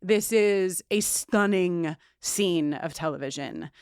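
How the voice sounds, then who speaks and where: A woman's voice: lowish voice, slow pace, a little mellow, clean tone, no room sound, studio quality. A woman co-hosting a podcast, talking earnestly in a casual, emotional way, with many restarts and fillers. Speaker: podcast co-host.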